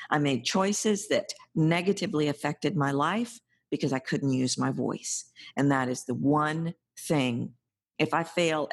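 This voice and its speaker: Middle-aged female podcast host with a low, breathy voice; earnest and emphatic advice-giver. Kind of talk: advice monologue.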